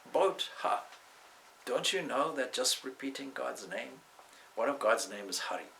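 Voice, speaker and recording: A man's voice: mid-range voice, expressive, moderate pace, gravelly, bright, forceful tone, slight background noise, poor audio. A man voicing a pompous male priest-scholar who scolds and lectures with scorn, inside a spoken story. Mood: scornful.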